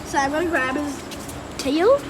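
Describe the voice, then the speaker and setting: A woman's voice: high voice, animated, moderate pace. A woman in a casual home vlog, chatting as she narrates playing with her pets outdoors. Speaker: pet vlogger. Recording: loud background noise outdoors.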